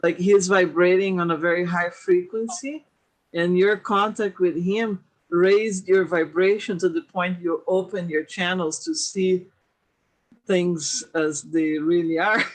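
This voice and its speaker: A woman's voice: fairly low pitch, steady tone, unhurried. Enthusiastic woman hosting an interview. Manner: enthusiastic, asks questions and adds her own reflections. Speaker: host. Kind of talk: casual interview.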